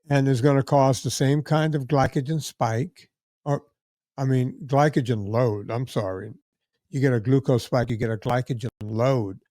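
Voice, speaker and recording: A man's voice: medium pitch, dark tone, no room sound, clean studio sound. A man with a Louisiana accent hosting a podcast, talking bluntly and chattily and repeating his points for emphasis. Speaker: podcast host. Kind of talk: casual podcast chat.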